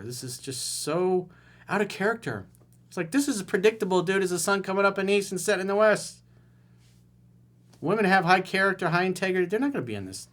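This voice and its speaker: This is a solo video where a middle-aged man who coaches on relationships reads out an email from a viewer. His voice is high and a little bright, and his reply drips with blunt, mocking sarcasm.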